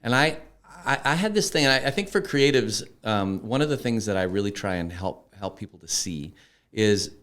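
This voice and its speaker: A man's voice: fairly low pitch, moderate pace, smooth. A man in his fifties telling stories as a podcast guest, chatty and full of restarts and asides. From Canada. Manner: lively anecdotes with frequent restarts and "you know". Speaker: podcast guest, country singer. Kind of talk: casual storytelling interview.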